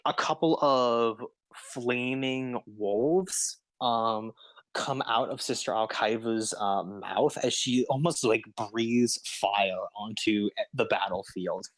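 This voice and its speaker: Male game master, slow and halting delivery, dry close sound. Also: medium pitch, dry recording. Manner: unhurried, with frequent ums and uhs. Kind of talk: narrating a tabletop game.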